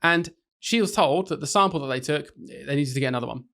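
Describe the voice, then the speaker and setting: A man's voice: on the high side, quick pace, a bit bright. A young man hosting a casual podcast, joking and teasing his co-host.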